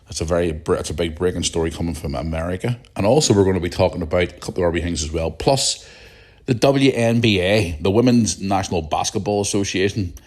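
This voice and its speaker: A middle-aged man with a Northern Irish accent and a very low, croaky morning voice talks straight into a podcast mic. He rambles along in a blunt, chatty way, as if telling listeners about his week. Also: fast talker, a little mellow. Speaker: podcast host. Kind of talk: casual solo podcast chat.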